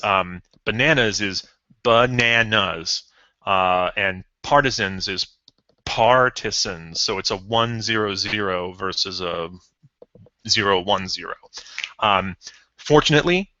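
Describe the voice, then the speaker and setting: A man's voice: fairly low pitch, sharp tone, no room sound. A man talking through a live coding session, thinking aloud with frequent ums, self-corrections and the odd chuckle. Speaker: programmer streaming a coding session. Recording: dull lo-fi stream audio.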